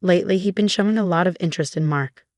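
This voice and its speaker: A young adult woman narrating a scripted first-person story in an even, conversational way. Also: on the low side, fast, no room sound, studio quality.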